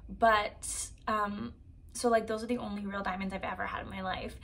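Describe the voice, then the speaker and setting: A woman's voice: mid-range voice, moderate pace, creaky. Chatty young woman vlogger, lots of "like". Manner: chatty, animated, heavy use of "like". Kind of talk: casual storytelling to camera.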